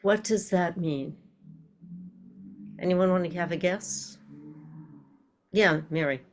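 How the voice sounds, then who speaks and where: A woman's voice: fairly low pitch, slow, a little hiss or hum. A woman teaching an online group class over a video call, reflective and putting questions to the group.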